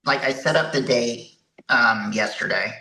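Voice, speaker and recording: A man's voice: mid-range voice, a little slow, reverberant, a crowd in the background, poor audio. A young man being coached on dating, hesitant and agreeable, giving short answers. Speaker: coaching client. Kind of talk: casual chat.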